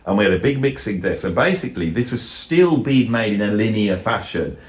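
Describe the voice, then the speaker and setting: A man's voice: on the low side, a little fast. A middle-aged man, a former record producer chatting as a podcast guest in a rambling, anecdotal way. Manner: rambling, anecdotal, animated when quoting others. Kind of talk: casual storytelling chat. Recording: roomy echoey room.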